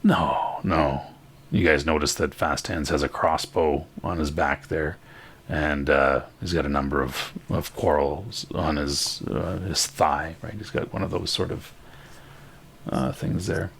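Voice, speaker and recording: A man with a very deep voice runs a tabletop role-playing game, describing the scene at an unhurried pace. He hesitates often, filling the gaps with ums and uhs. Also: steady tone, creaky, a bit bright, breathy edge. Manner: slow, halting narration with many fillers. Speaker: game master.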